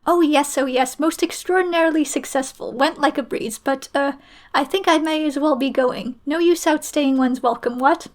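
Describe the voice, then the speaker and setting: A woman voicing an excitable, flustered young gentleman in a storybook reading, raising her voice high and loud for him. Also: moderate pace, natural voice.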